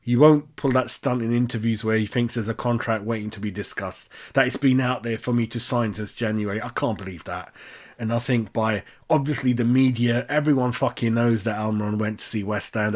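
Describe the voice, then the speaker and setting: A man's voice: lowish voice, fairly even intonation, a little fast. A man hosting a casual match-reaction chat, chatty and ranting with plenty of swearing. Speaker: fan channel host.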